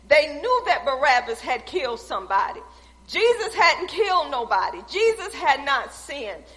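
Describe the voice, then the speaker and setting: A woman with a high, bright voice preaches a sermon. She stacks emphatic, repeating phrases in a steady preaching cadence. Her voice carries through a long-echoing church hall. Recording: echoey hall.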